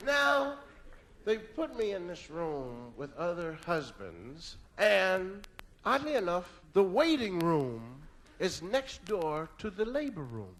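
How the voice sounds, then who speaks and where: A male comedian telling a story on stage into a stage mic, animated, with yelled sound effects. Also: high voice, slow. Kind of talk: stand-up storytelling. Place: on stage at a live show.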